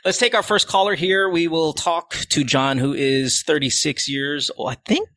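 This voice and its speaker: A man's voice: fairly high pitch, fairly even intonation, moderate pace, sharp tone. A man hosting a call-in show, joking and swearing, mixing English with Tagalog. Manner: profane, joking, switches between English and Tagalog. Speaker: podcast host. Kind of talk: casual chat taking calls.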